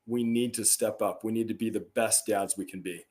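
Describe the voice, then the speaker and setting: A man's voice: lowish voice, steady tone, brisk, a little mellow. A middle-aged man, a podcast guest, telling stories in an earnest, emphatic way, with bursts of rising energy. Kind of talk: conversational interview storytelling.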